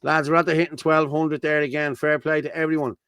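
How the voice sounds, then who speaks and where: Blunt chatty Dublin man with a smooth voice. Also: on the high side, level tone, fast, fairly bright tone, no echo. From Ireland. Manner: blunt, chatty, reads out viewer comments. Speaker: host. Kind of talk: casual livestream chat.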